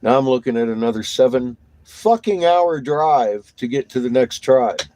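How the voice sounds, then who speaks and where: A man's voice: mid-range voice, lively intonation, normal speed, warm tone, slight background noise, poor audio. A tired man swearing and grumbling through a casual vlog monologue while driving. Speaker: vlogger on the road. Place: inside a vehicle while driving.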